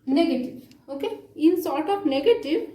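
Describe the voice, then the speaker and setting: A woman teaching an English grammar lesson, explaining slowly with frequent fillers and check-ins like "okay?". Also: sits high, expressive, dark tone, roomy sound, poor audio.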